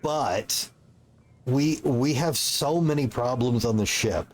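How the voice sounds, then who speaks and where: A man streaming a game playthrough, reading the game's text aloud and adding casual, halting asides. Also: medium pitch.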